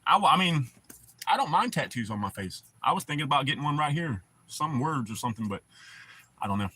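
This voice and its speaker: Guy on a livestream, kinda husky, bright-ish higher voice, laid-back rambling, cusses a lot. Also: animated, brisk. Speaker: livestream host. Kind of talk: casual livestream chat.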